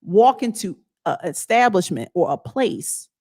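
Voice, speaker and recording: A woman's voice: medium pitch, very animated, measured pace, a little mellow. Blunt woman vlogger, emphatic. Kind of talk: casual motivational talk.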